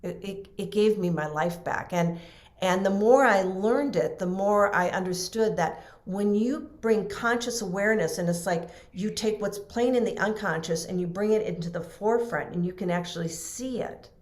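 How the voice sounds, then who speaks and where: A middle-aged woman, a podcast guest and trainer, telling a personal story in a lively way and acting out the people she quotes. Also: mid-range voice, moderate pace. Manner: animated, acts out quoted voices, laughs often. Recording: roomy echo.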